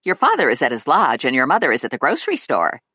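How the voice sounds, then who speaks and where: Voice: medium pitch, wildly swooping pitch, fast, pushed and bright, breathy edge, dry recording, heavily acted. A narrator voicing a gossipy elderly grandmother in an audiobook, chatty and breezy.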